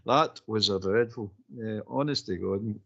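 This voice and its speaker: A man's voice: fairly low pitch, moderate pace, vocal fry. A man with a Scottish accent co-hosting a football phone-in, exasperated and repeating himself as he runs down the players. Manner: exasperated, repeats his words, laughs while he talks. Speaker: co-host. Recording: dull lo-fi audio.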